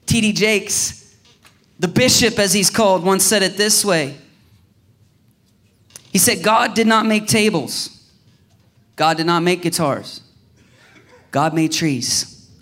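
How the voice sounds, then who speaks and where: High-voiced, animated preacher man from Ohio. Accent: Southern Ohio. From Southern Ohio. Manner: animated, acts out little dialogues in voices; casual, conversational preaching with restarts. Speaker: pastor. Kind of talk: sermon.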